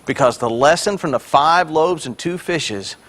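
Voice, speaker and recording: A male pastor with a high-pitched voice preaches a sermon with energy. He builds to loud, forceful peaks on the points he stresses, then slips into joking asides to the congregation. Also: lively intonation, unhurried.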